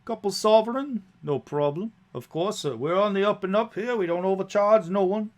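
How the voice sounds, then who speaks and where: A man's voice: sits high, normal speed, pitched above the performer's own voice, natural voice. A man voicing a chatty, sleepless male sky coach driver who rambles and reassures. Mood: jovial. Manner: rambling, jovial, overly reassuring.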